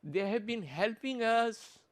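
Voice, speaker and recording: A man gives an earnest conference presentation at an unhurried pace. His voice sits high and swings widely in pitch. He stops and restarts his phrases often. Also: lively intonation. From Pakistan. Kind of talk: conference talk.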